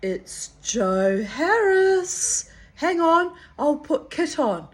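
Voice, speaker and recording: A woman voicing a cheerful, mischievous older man calling on the phone, excited and playful. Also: sits high, extremely slow, pitched above the performer's own voice, exaggerated voice.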